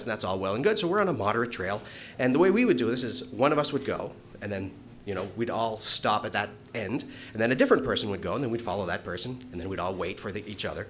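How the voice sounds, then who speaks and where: A man tells a personal story before a crowd in a small bar, his pitch swinging widely as he talks. He swears freely and laughs his way through it. A faint hum of noise sits behind him. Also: fast talker. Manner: animated, swears freely, laughs while telling. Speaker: storyteller at a live event.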